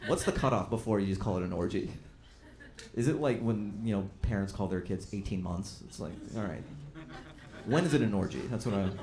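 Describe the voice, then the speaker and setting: A man performing a stand-up comedy set on a club stage, talking conversationally and jumping into loud acted-out quotes for punchlines. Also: lowish voice, fairly quick. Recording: echoey club room with crowd noise. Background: audience laughter.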